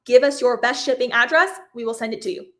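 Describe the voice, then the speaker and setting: A woman's voice: on the high side, fast talker. A woman in her thirties hosting a live craft stream, bubbly and chatty, laughing often and apologizing when she stumbles over names. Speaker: craft host. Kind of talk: live-stream giveaway chat.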